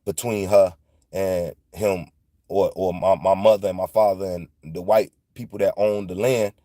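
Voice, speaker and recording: A man's voice: deep voice, steady tone, normal speed, mellow, no echo, studio quality. A man, telling a loose, profane story in a casual monologue and retelling dialogue in quotes. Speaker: podcast host.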